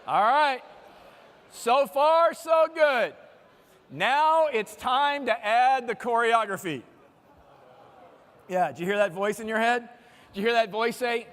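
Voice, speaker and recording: High-voiced man giving a keynote in a hall. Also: normal speed. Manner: energetic, joking, directs audience exercises. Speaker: keynote speaker. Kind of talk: motivational keynote speech. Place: large conference hall. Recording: long hall reverb from a live stage.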